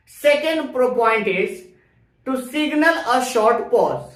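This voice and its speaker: Lady teacher going thru grammar real slow, echoey room. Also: on the high side, animated. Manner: slow, deliberate explaining with worked examples. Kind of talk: classroom grammar lesson. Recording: roomy echo.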